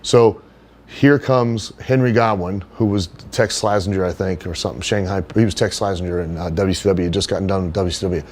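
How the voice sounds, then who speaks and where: Low-voiced man telling wrestling stories. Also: fairly quick. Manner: animated storyteller, does high put-on voices for others. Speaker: wrestler being interviewed. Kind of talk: casual storytelling interview.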